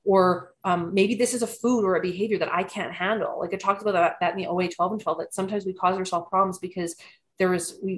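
Earnest woman sharing her recovery. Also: lowish voice. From Canada. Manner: earnest and reflective, with frequent restarts. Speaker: recovery program member sharing her story. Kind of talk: personal recovery testimony.

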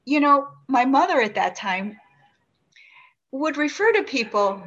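A woman in her sixties speaks reflectively about her own recovery, restarting often and asking herself questions. Her voice sits fairly high. The recording is muffled and lo-fi. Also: sing-song, unhurried, fairly bright tone. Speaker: member sharing at a recovery meeting. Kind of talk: personal recovery share. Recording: dull lo-fi recording.

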